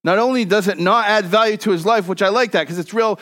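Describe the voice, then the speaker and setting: Here a male pastor talks quickly in a high voice, mixing scripture with lighthearted personal tales during a conversational sermon. He keeps swinging from loud to soft.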